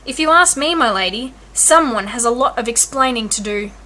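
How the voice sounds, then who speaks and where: A woman voicing a hefty, blunt sailor who talks gruffly. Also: on the high side, expressive, moderate pace, sharp tone.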